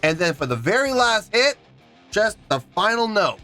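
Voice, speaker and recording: Animated, high-voiced ranting man. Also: normal speed, soft background music. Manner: emphatic and indignant, counts out beats aloud. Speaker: music reaction reviewer. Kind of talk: animated rant reviewing a song.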